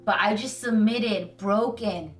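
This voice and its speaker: A woman giving an earnest, casual Bible talk to her viewers, telling it with lively, slangy storytelling and plain emotion. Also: medium pitch, slow pace, recorded from a distance, faint music behind. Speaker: Christian video host.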